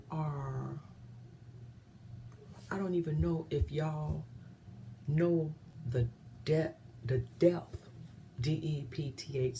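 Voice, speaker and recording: A woman vlogger giving impassioned commentary, earnest and often dropping to a hushed whisper. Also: deep voice, vocal fry, slight background noise.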